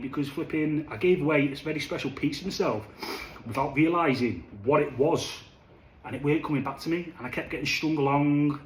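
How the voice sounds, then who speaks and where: A young man talks casually to camera in a chatty, animated way. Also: fairly high pitch, slight background noise. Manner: chatty, animated, says "lad" and "flipping" a lot. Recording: echoey room, faint ambience.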